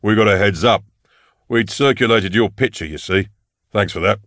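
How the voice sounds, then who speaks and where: A man voicing a big, boisterous and jovial male officer who talks in a loud, hearty, backslapping way. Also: fairly low pitch, moderate pace, no room sound, clean studio sound.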